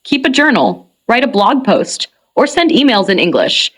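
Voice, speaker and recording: A woman reading a scripted English lesson for beginners in a clear, measured way. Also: fairly high pitch, very animated, fairly bright tone. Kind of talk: scripted instructional narration.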